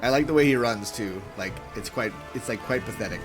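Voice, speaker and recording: A man's voice: medium pitch, fairly quick, music in the background. Amused man doing game commentary. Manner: amused, laughing often. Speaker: gaming video host. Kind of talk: let's play commentary.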